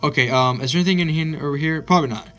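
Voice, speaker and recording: Guy doing horror game commentary, kinda high voice, bright and punchy, swears nonstop, freaks out at jumpscares. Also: very fast, soft background music. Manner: excitable, swears constantly, yelps when startled. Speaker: gaming channel host. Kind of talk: let's play commentary.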